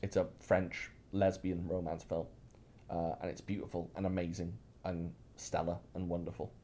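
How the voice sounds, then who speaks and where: A man chatting casually as a podcast host, lively and joking about himself. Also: deep voice, moderate pace, a little hiss or hum. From Wales. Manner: lively, joking, self-mocking. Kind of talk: casual chat.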